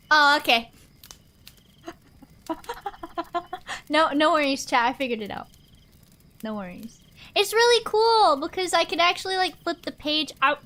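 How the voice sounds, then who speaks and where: A woman's voice: sits high, fairly bright tone. A young woman streamer chatting casually with her live audience, rambling and answering chat aloud.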